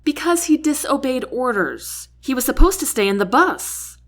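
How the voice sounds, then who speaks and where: A woman's voice: high voice, sing-song, normal speed, pitched above the performer's own voice, exaggerated voice. A woman doing a blunt, sarcastic woman soldier. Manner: brusque, matter-of-fact, sarcastic.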